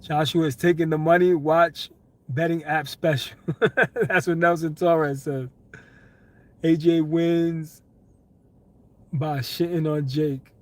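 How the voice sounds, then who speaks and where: A young man from Brooklyn, hosting a casual live stream, chatting with viewers, slangy and quick to laugh. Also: fairly high pitch. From Brooklyn, New York. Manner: excitable, laughs often, slangy, talks to chat. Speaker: livestream host. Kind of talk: casual live stream chat, reading comments.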